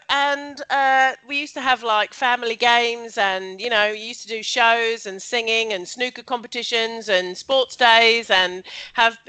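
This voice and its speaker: Bright, laughing woman guest. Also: a little high. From West Sussex, England. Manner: chatty, laughs often, many fillers. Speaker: podcast guest. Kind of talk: casual chat. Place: home, on a video call. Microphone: computer mic on a video call.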